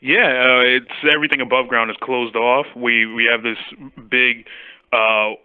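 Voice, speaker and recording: A man's voice: medium pitch, little pitch movement, measured pace, clean tone, no echo. Hesitant man on a tinny phone line. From New York City. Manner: hesitant, stammering restarts. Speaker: caller. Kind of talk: casual phone-in chat.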